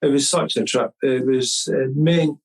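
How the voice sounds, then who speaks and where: A man's voice: mid-range voice, a little slow, slightly rough, rough recording. Chatty man telling a story. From Scotland. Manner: rambling, with many restarts and quoted dialogue. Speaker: podcast guest. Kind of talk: casual storytelling.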